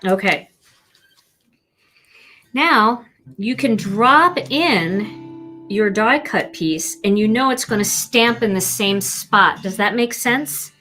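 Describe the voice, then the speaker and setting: A woman's voice: medium pitch, lively intonation, slow pace, long pauses, pushed and bright, faint music behind. A woman teaching card stamping on a live stream, chatty and playful as she talks viewers through each step. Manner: chatty and playful, talking to viewers while working. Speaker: card-making instructor.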